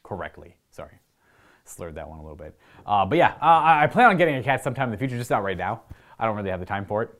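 A man's voice: fairly low pitch, very animated, very fast, a bit bright. A young man with an Ontario Canadian accent, hosting and rambling casually through viewer questions. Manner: rambling, chatty, with frequent restarts and asides. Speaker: host answering viewer questions. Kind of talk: casual chat to camera.

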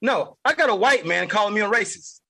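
A man's voice: high voice, expressive, fairly quick, vocal fry, bright, forceful tone, slightly rough, rough recording. A man hosting a political podcast, delivering an angry, heated monologue and repeating lines for emphasis. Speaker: podcast host.

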